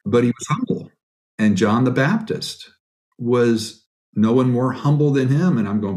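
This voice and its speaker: A man's voice: mid-range voice, measured pace. A middle-aged man, a biblical counselor, answering interview questions in an earnest, storytelling way. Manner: earnest, animated storytelling with quoted asides. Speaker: guest, biblical counselor and author.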